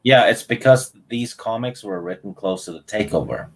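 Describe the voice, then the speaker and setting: A man's voice: on the low side, normal speed, slightly rough. A man co-hosting a casual chat, making dry, laid-back remarks.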